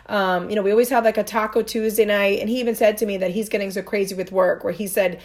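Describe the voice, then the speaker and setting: Brief: woman podcast co-host, mid-pitch, chatty storyteller, lots of "you know" and "um". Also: steady tone, fast, a little mellow. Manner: storytelling, rambling with fillers. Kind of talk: casual chat.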